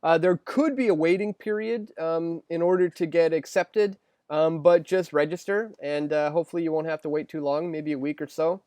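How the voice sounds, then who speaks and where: A man's voice: a little high, moderate pace, a little mellow, clear, resonant tone, no room sound. Chatty male live-streamer reading questions. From Canada. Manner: rambling, filler-heavy, restarts often.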